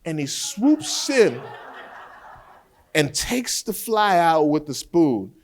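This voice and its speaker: A man teaching trial skills as a defense lawyer, an animated storyteller who often repeats words as he restarts a thought. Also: fairly high pitch, slow pace, a little hiss or hum. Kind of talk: lecture with courtroom storytelling.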